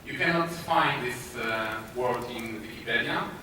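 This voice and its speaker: A man with a Polish accent giving a conference talk, speaking haltingly with many filler sounds and restarts. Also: mid-range voice, bright, forceful tone. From Poland. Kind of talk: conference presentation. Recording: echoey hall, distant mic, noisy.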